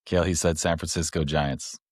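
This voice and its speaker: Brief: male podcast host, extremely deep voice, rambling casual explainer, dry close sound. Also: steady tone, brisk, slightly rough, no room sound. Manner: rambling, explains step by step with fillers.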